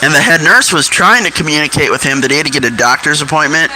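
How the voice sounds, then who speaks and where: A man telling crude, mocking comic stories in an animated way. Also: a little high, fast talker, noisy background. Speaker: storyteller. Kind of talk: comic storytelling.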